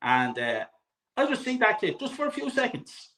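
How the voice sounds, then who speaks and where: High, bright-voiced man in his forties ranting. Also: huge pitch swings, normal speed. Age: 40s. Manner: emphatic, swears often, repeats himself for stress. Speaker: guest on a fan call-in show. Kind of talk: impassioned live show rant.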